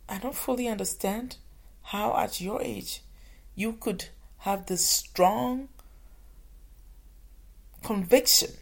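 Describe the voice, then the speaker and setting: Mom telling a story about her kid, gravelly voice, stops and restarts a lot, mid pitch. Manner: halting, with restarts and hushed asides. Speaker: mother. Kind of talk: personal storytelling.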